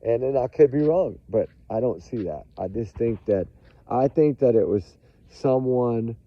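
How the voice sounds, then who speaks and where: A man's voice: medium pitch, animated, a little slow, dry recording. A man giving emphatic, casual true crime commentary to his viewers, repeating his points. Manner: emphatic, repetitive, addresses viewers as y'all. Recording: tinny phone-like audio.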